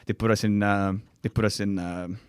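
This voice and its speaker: A man's voice: fairly low pitch, fairly even intonation, moderate pace, smooth, no echo, studio quality. A young man from Lithuania with a Lithuanian accent, a comedian telling a wild story in casual chat, acting out quotes and laughing often. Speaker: comedian guest.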